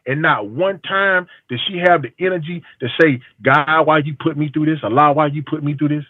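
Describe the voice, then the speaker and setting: Casting: man with a fairly high voice, emphatic storyteller, tinny phone line. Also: dry recording. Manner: storytelling with quoted dialogue, emphatic. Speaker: barber. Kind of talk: call-in testimony. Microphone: phone call.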